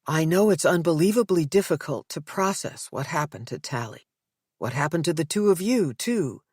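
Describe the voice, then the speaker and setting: A calm female therapist in an audiobook who speaks in a gentle, measured way, as a woman narrator puts her on. The sound is dry and close. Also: sits low, slightly rough, dry recording.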